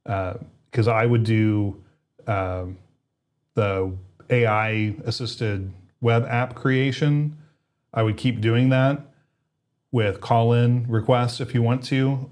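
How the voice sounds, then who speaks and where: A man's voice: on the low side, a little mellow. A man co-hosting a tech livestream, chatting casually and laughing often while testing gear. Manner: laughs often, quick and playful. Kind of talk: casual chat.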